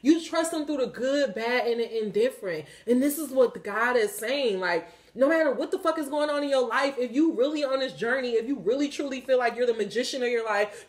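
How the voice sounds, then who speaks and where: A woman giving a casual spiritual tarot reading, animated and profane, often laughing as she talks. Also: high-pitched. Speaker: tarot reader.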